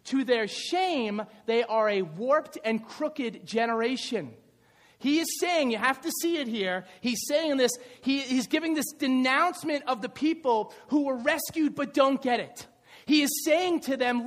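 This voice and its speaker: Male pastor, middle-aged, animated sermon, very high voice, reverberant church hall. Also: a little slow. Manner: animated, shouting at peaks, playful asides.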